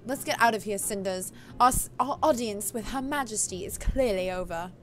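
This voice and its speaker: Girl reading as a dry couldn't-care-less sister, flat and sarcastic. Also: mid-range voice, moderate pace, faint music behind, natural voice. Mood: sardonic. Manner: flat, sardonic, uninterested. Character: aloof indifferent sister, young woman. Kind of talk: reading a visual novel aloud.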